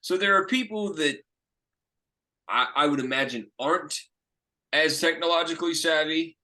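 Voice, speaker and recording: A young man with a bright, forward voice tells audition stories over a video call. He slips into the voices of the people he quotes, keeping the talk lively and casual. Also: a little high, moderate pace. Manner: animated, acts out quoted lines. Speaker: actor and host. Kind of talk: casual storytelling chat.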